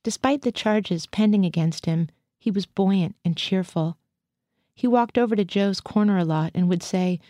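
A woman reading a short story aloud in a measured, understated way. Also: medium pitch, mellow, no room sound, studio quality. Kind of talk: literary reading.

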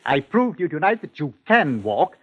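An actor playing a firm, patient village masseur who calls himself a doctor, in measured 1940s radio acting from an old broadcast. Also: male voice, a little high, very animated, husky, muffled recording. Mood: calm. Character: calm, firm country masseur posing as doctor.

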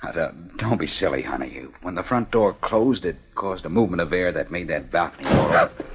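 An actor playing a steady, joking young husband in a 1950s radio drama, with a husky voice and a reassuring, clipped delivery. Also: male voice, sits low, fairly quick. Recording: dull 1950 radio recording.

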